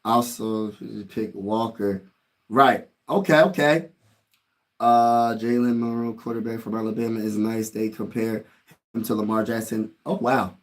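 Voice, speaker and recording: A man hosting a casual live stream, reacting excitably and talking straight to his chat in slangy speech, moving from low muttering to loud shouts. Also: unhurried. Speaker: livestream host.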